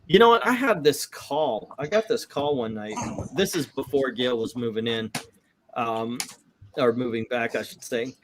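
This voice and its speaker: A middle-aged man hosting a casual comic book livestream, animated and acting out quotes in little voices. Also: medium pitch, normal speed, slight background noise. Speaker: comic book show host.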